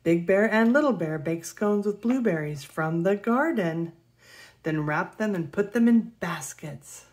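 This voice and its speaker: A woman reading a children's picture book aloud in a gentle, expressive way. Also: lowish voice, unhurried. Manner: gentle, expressive read-aloud with gasps and soft laughs. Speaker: storybook reader.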